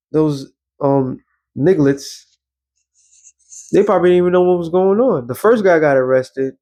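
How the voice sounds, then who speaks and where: A man's voice: mid-range voice, darkish tone. Rambling man hosting a casual monologue. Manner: rambling, with fillers and restarts, getting heated. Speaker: host. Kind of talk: casual monologue with scripture reading.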